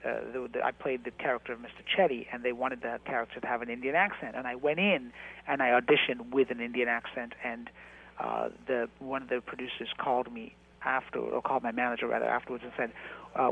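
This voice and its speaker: A man, an actor, reflecting in an interview, halting with many fillers and restarts. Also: medium pitch, fairly even intonation, vocal fry, slightly rough. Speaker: actor and guest. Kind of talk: interview conversation. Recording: tinny phone-like line.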